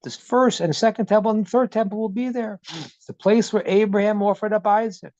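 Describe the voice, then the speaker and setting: A man's voice: high-pitched, brisk, darkish tone, no room sound, dull audio. A man teaching as a rabbi over a video call, earnest, repeating words as he builds a point and retelling stories with dialogue. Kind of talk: Zoom teaching talk.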